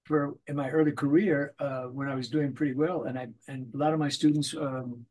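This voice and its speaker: Speaking a little fast at medium pitch, an older voice actor chats as an interview guest, an animated storyteller who acts out small voices in his anecdotes.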